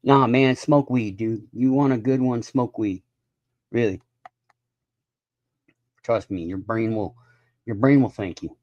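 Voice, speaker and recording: A man's voice: medium pitch, slow pace, pauses often, a little mellow, no echo, lo-fi sound. A man in his fifties ranting in a casual live stream monologue, profane and rambling. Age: 50s.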